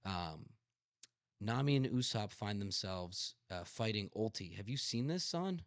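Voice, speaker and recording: A man's voice: fairly low pitch, animated, a little slow, no echo. A young man hosting a podcast in casual chat, telling a story with emphatic passion and the odd swear. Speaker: podcast host.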